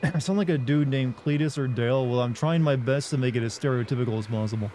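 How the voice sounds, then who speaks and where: A man's voice: medium pitch, quick pace, mellow, slight background noise. A young man from the Southern United States with a slight Southern US accent, chatting casually and rambling while streaming a game. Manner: chatty, rambling, self-deprecating. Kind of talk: casual live-stream gaming chat.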